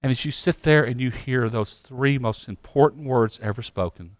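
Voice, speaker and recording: A man preaching a sermon as pastor, swinging from loud urgent passages to hushed pleading. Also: medium pitch, normal speed, hardly any pauses, no room sound, studio quality. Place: church sanctuary.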